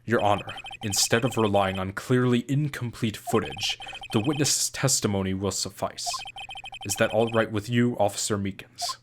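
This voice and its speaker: A man reading the lines of a calm, formal male prosecutor in his own voice. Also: lowish voice, moderate pace, noisy background, lightly acted. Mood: cold. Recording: game music playing behind.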